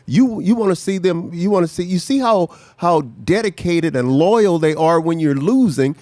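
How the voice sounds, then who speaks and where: A man's voice: sits high, normal speed, warm tone, no echo. A middle-aged man hosting a sports talk show, a former defensive player who tells stories in a heated way and stumbles over his words.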